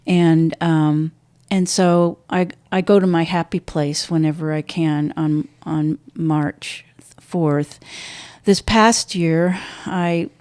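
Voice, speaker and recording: An older woman, a podcast guest, telling a painful personal story, halting and restarting, her voice dropping low and soft at hard moments. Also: fairly even intonation, smooth, no room sound, studio quality.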